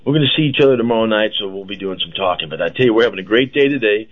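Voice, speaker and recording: A man's voice: lowish voice, expressive, rapid-fire. A man, a car dealership owner as radio guest, talking in a rambling, hesitant way with lots of laughs. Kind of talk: bantering radio talk. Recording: dull radio broadcast sound.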